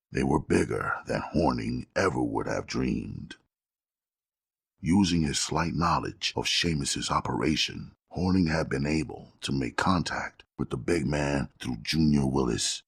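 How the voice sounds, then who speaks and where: Very deep gravelly male narrator. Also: no echo, clean studio sound. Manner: steady, measured storytelling. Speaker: audiobook narrator. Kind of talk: scripted audiobook narration.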